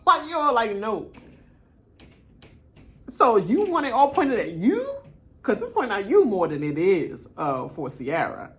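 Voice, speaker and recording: A woman hosting a reaction video, giving casual, blunt commentary. She laughs often, trash-talks freely, and swings between loud outbursts and quiet asides. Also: fairly high pitch, wildly swooping pitch, normal speed. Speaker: reaction channel host.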